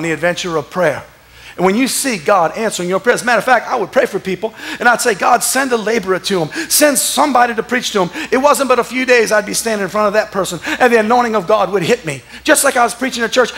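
A man, a pastor telling stories in a sermon, animated and laughing, sometimes breaking into shouts. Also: high voice. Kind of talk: sermon storytelling. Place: church.

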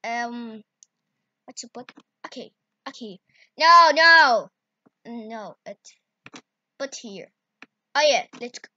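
A woman guides a casual video editing tutorial in halting, broken English. Her voice is high and bright, and she speaks very slowly, with sudden excited outbursts. The sound is close, dry and a little dull. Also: slightly rough, dry recording. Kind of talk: casual screen-recorded tutorial. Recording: dull lo-fi recording.

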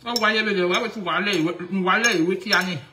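A woman's voice: mid-range voice, fast, roomy sound, noisy background. A Nigerian woman ranting casually on a live video in mixed Pidgin and local languages. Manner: mixes Pidgin and local languages, mocking, animated. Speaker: social media commentator.

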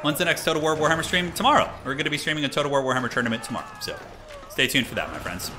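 A man giving casual, excitable live commentary on a strategy game tournament, chatting with his stream viewers as he goes. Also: on the high side, rapid-fire, noisy background. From United States. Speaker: tournament caster.

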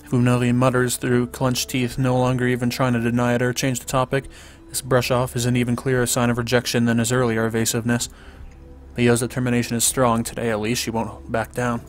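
A man reading a visual novel's text aloud in a flat, even way, with casual asides and small stumbles. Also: medium pitch, fast talker. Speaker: let's play commentator. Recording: faint music underneath.

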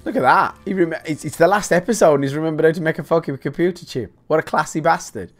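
A man from England talks quickly in a slightly high voice while playing a game on his YouTube channel, cursing freely and cracking jokes in casual, ranting commentary to his audience.

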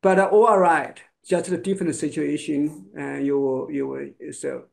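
A male Chinese pronunciation teacher whose first language is Chinese, speaking English in short broken phrases and modeling sounds slowly. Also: on the high side, fairly even intonation, creaky. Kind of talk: one-on-one lesson.

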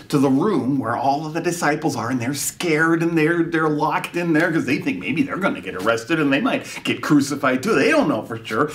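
A man leading a preschool chapel, telling a story in an animated, playful way that sometimes drops to a whisper. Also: fairly high pitch, recorded from a distance. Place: church.

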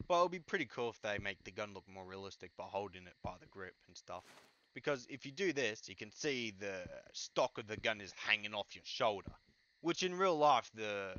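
A man's voice: fairly low pitch, sharp tone, muffled recording. A young man giving casual game suggestions, stuttering often and trailing off with filler words. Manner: halting, filler-heavy, trails off with "but yeah". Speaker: gaming YouTuber.

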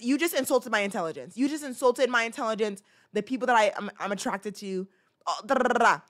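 A woman's voice: fairly high pitch, brisk. A woman in her twenties hosting a podcast, talking casually and ranting with lots of restarts. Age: 20s. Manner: animated, ranting, many restarts. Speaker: podcast host. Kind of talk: casual commentary rant.

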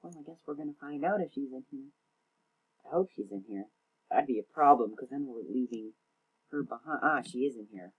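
A young man with a breathy, slightly husky voice talks his way through a game. His chatter is rambling and self-mocking, full of stumbles and restarts. His pitch sits in an ordinary middle range. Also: expressive, a little fast, narrow, tinny audio. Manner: rambling, self-mocking, often tongue-tied. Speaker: gaming channel host. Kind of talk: casual gameplay commentary.

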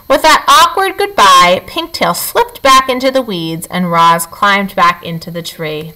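A woman's voice: mid-range voice, a little slow, few pauses, rough recording. A woman reading a chapter book aloud as a teacher, telling the story expressively. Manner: expressive, animated.

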